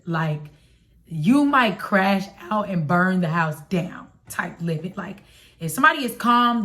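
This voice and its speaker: A young woman from Chicago with a Chicago accent, telling a personal story to her viewers in a confiding, slangy, animated way. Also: mid-range voice. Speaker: vlogger. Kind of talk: storytime vlog.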